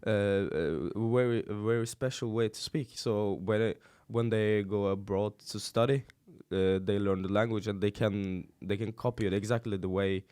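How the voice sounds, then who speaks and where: A man's voice: lowish voice, fairly even intonation, normal speed, few pauses, darkish tone, clear, resonant tone, no echo. A young man from Turkey, a guest comedian speaking English with a Norwegian tinge in a podcast studio, laughing often and restarting his sentences. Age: young adult. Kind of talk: casual podcast chat.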